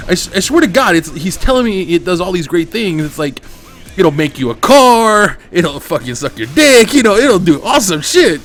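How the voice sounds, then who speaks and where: A man's voice: high voice, big pitch swings, moderate pace, a bit bright, faint music behind. A man hosting a gaming channel, telling a long personal story over his gameplay in a candid, swearing, rambling way, on a desk mic at home.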